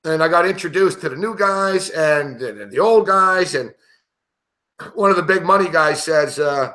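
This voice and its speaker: A man's voice: fairly high pitch, unhurried, pushed and bright. A middle-aged man hosting a sports betting show, telling stories in a brash, profane, casual way and laughing often. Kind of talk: casual storytelling chat.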